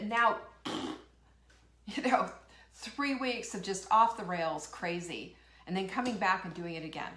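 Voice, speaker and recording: A woman's voice: medium pitch, animated, normal speed, fairly bright tone, roomy sound. A woman hosting a live motivational talk show, fired up and emphatic, firing rhetorical questions and reading out viewer comments. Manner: reads out viewer comments and laughs. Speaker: host.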